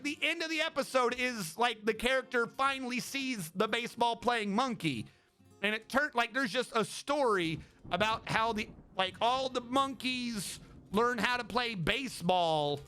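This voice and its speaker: A man livestreaming in casual chat, rambling excitably and swearing freely as he talks. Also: extremely high pitch, unhurried, clean tone, soft background music.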